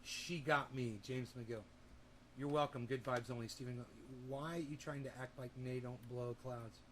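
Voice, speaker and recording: A man's voice: medium pitch, fairly even intonation, normal speed, slight background noise. A man hosting a livestream, chatting in a rambling, laid-back way and swearing casually. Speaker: livestream host.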